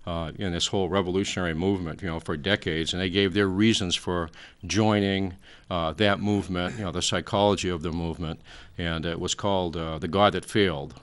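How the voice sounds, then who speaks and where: A man's voice: sits low, fairly even intonation, a little fast, few pauses, fairly bright tone. A man in his sixties, a talk show guest, lecturing at length in a rambling way with many fillers. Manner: frequent fillers, trailing off.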